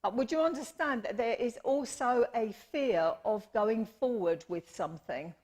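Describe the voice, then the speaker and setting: This live mediumship demonstration features a woman with a slightly high, somewhat mellow voice speaking at normal speed. Giving readings at a church service, she chats affectionately, frequently apologises, and keeps addressing people as "my lovely."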